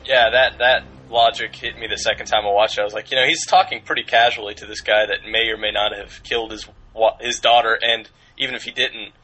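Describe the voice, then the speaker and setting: A man's voice: on the low side, steady tone, a little fast, few pauses, pushed and bright, breathy edge, low-quality recording. A man giving casual replies in a movie discussion.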